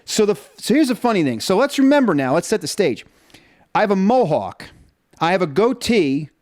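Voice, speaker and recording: A man co-hosting a casual podcast, telling stories in an animated, jokey way and acting out what people said. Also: high-pitched, fairly quick. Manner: animated storyteller, jokey, acts out quotes. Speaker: podcast co-host. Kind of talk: casual chat.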